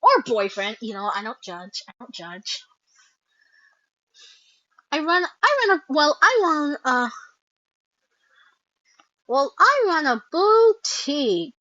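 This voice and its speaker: A woman's voice: sing-song, pushed and bright, no room sound, exaggerated voice. A woman voicing a curious, chatty boutique owner who fires off eager questions, on a dull, dry recording. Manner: eager, quick questions, rising pitch.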